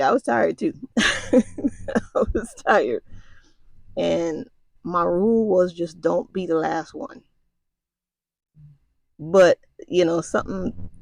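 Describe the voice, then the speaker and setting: Gravelly-voiced woman telling a story. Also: on the low side, a little mellow, no room sound. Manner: conversational and colloquial, with frequent asides to the listener. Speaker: storyteller recounting military basic training. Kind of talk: casual spoken storytelling.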